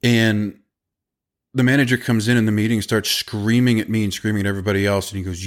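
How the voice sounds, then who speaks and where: A man hosting a podcast and running a business, telling stories in a casual monologue with emphatic, animated delivery in quick bursts. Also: lowish voice. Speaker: podcast host and business owner.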